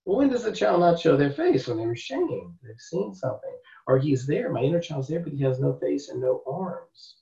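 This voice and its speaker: A man's voice: fairly high pitch, sing-song, moderate pace, vocal fry, hardly any pauses, warm tone. A man teaching a therapy class in a conversational way, often acting out what clients and he said in sessions. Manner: conversational, acts out client dialogue. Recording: roomy, dull lo-fi sound.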